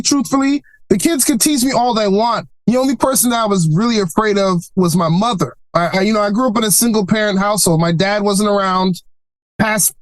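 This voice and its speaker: Man from Brooklyn, forties, podcast guest, animated storyteller, dry close sound. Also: sits high, no echo. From Brooklyn, New York. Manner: animated storyteller, laughs often. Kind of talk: casual interview chat.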